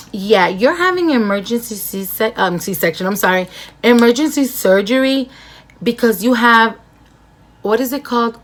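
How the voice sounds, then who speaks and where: An adult woman vlogger chatting casually, telling a rambling story while doing her makeup, with frequent asides to viewers. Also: mid-range voice.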